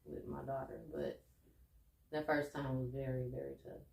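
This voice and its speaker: A young woman co-hosting a podcast, talking candidly and earnestly about her own life, getting animated and laughing as she tells stories. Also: a bass voice, normal speed, creaky, distant mic. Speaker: podcast co-host. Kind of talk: candid casual chat. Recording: echoey room, a bit off-mic.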